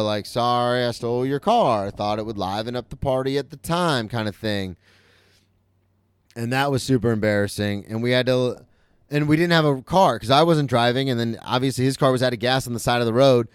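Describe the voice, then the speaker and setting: Smooth-voiced man telling a story casually. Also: medium pitch, no echo, clean studio sound. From Florida, US. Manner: loose and profane, with quick self-corrections. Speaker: comedian and podcast host.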